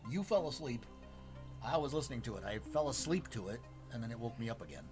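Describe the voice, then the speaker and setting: A man's voice: mid-range voice, animated, fast talker. Blunt, wry man chatting over music. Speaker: host. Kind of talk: casual chat on a livestream.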